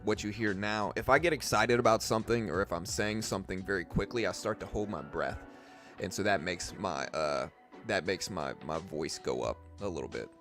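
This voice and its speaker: A man hosting a live trading stream, talking quickly and casually, thinking aloud with slang like dude and bro, on a desk microphone. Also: low-pitched, fairly bright tone.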